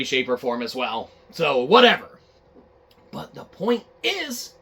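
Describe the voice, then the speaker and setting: A male gaming news host with a gravelly, husky voice, rambling and swearing through his jokes. His pitch jumps all over the place, and the tone is bright and edgy. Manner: profane, rambling, joking. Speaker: podcast host. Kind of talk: comedic gaming news chat.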